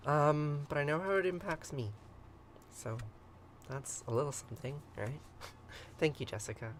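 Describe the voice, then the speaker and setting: A man hosting a morning livestream, reading an old myth aloud and chatting with viewers, hesitant with many ums and quick to chuckle. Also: on the high side, steady tone, slight background noise. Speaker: livestream ritual host. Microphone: livestream computer mic.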